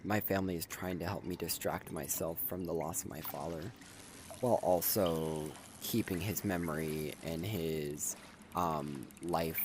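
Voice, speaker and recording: A young man with an extremely deep voice talks slowly through a heartfelt update, pausing and sighing as he fights back tears. A steady hiss of noise sits under the recording. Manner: emotional, halting, with sighs and restarts. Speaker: content creator. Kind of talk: personal video update.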